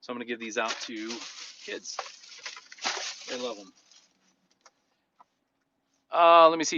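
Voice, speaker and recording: A man's voice: mid-range voice, animated, measured pace, long pauses, bright, forceful tone, dull audio. A man live-streaming from inside a car, chatting loosely and jokingly while reading out viewer comments. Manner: loose and joking, drifts between topics.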